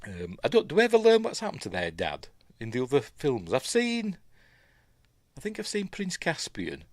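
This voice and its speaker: Yorkshire man, middle-aged, low-pitched, chatty rambling film commentary, dry close sound. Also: no echo. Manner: rambling, chatty, self-correcting. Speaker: film reviewer.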